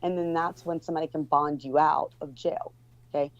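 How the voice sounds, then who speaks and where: A woman's voice: low-pitched, steady tone, fairly quick. A woman guest telling a story in casual talk, rambling with many restarts and fillers. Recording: dull lo-fi recording.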